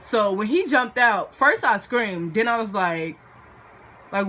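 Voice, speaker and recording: Unhurried and sharp-toned at a mid-range pitch, a teenage vlogger spins a dramatic, gossipy storytime, stuffing it with fillers and doing impressions of everyone in it.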